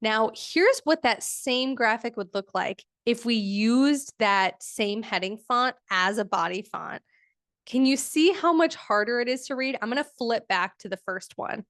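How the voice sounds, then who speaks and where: A woman's voice: on the high side, lively intonation, measured pace, a bit bright, no room sound, studio quality. A woman teaching a live online design workshop, casual and chatty with lots of fillers like "um" and "like".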